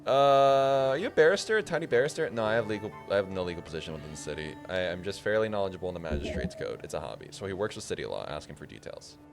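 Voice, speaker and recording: A man's voice: low-pitched, animated, very fast, gravelly, few pauses. A man streaming a game, talking casually, joking, muttering and swearing to himself while he plays. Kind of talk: casual gaming commentary. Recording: game music behind.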